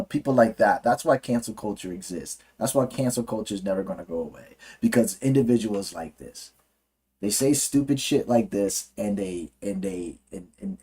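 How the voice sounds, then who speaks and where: A man's voice: lowish voice, dark tone, breathy edge. Heated, cursing male political ranter. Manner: profane, heated, frequent restarts. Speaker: livestream commentator. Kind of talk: ranting political commentary.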